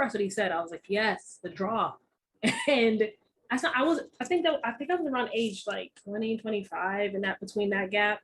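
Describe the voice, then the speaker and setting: A woman's voice: medium pitch, fairly quick, low-quality recording. Woman chatting casually over faint noise. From Texas. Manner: animated storytelling, acts out quoted voices. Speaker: podcast co-host. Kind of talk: casual chat.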